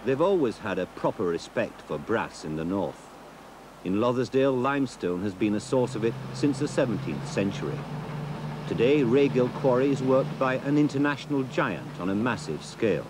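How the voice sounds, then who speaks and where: A man narrating a documentary in a measured, expressive way. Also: medium pitch, noisy background. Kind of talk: scripted narration.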